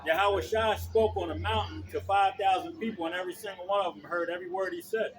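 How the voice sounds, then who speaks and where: A man preaching outdoors on the street, loud and blunt, swearing and checking in with his listeners again and again. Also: high-pitched, steady tone, fast, slight background noise. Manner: loud, blunt, profane, keeps asking "okay?".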